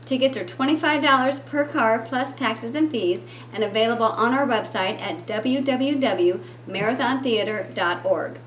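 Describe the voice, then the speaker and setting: A woman's voice: a little high, moderate pace, few pauses. A woman who is a community theater's vice president of productions, giving an upbeat event announcement. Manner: upbeat, reads out dates and numbers. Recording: echoey room with faint hum.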